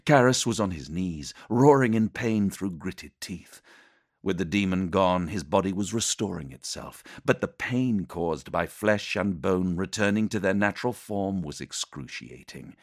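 A man's voice: sits low, lively intonation, unhurried, no echo, studio quality. A man narrating an action audiobook in a dramatic, intense scripted style.

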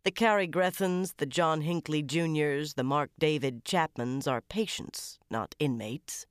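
A tired, bitter male FBI profiler from a crime novel, middle-aged and grim, put on by a woman narrator. He keeps his voice low and his words clipped, half muttering. The reading is close and dry. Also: unhurried, dry recording.

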